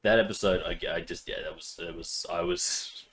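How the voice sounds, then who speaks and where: A man with a fairly low voice chats on a casual podcast. He retells a game session with lots of laughter, bursting into loud, acted-out lines and swearing freely. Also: moderate pace, slight background noise. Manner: animated storytelling, acts out his own outbursts with swearing and laughter. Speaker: podcast co-host. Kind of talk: casual chat.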